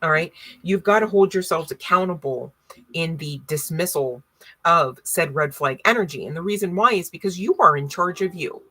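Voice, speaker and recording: Husky, lower-voiced woman reading tarot. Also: animated, moderate pace, fairly bright tone. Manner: emphatic, preachy, full of rhetorical questions. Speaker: tarot card reader. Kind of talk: casual spoken tarot reading to an online audience.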